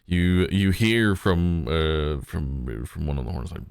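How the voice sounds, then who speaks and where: A man narrating a live-streamed tabletop game as its game master, in a relaxed way and often chuckling. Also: very deep voice, takes it slowly, clear, resonant tone, no echo, faint music behind.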